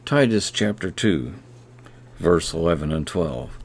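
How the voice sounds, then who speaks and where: A man hosting a devotional podcast, reading Bible verses slowly and repeating key phrases. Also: low voice, gravelly, a little mellow. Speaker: podcast host.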